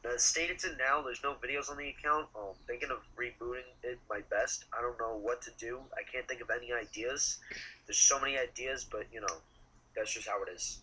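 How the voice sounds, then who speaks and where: A man being interviewed as a guest, talking in a rambling, halting way and swearing casually. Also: mid-range voice, steady tone, pushed and bright, slight background noise, poor audio. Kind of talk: casual chat.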